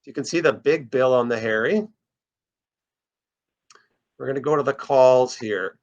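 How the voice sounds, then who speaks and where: A man's voice: mid-range voice, measured pace. Man teaching birding, dull audio. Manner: explains step by step while playing bird recordings. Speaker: birding instructor. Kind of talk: casual online lesson.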